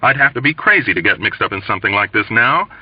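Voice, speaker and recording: A man voicing a wry, exasperated young airman in a read-aloud novel. He talks tensely and sarcastically, with a lively swing. The sound is dry and slightly dull. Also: lowish voice, fast, husky, no room sound, recorded from a distance. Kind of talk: audiobook reading. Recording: dull lo-fi recording.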